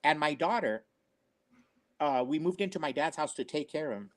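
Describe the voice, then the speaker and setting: A man's voice: on the high side, lively intonation, moderate pace. An older man telling personal family stories in an earnest, rambling way, often repeating himself. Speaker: storyteller on a family talk show. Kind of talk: casual personal storytelling.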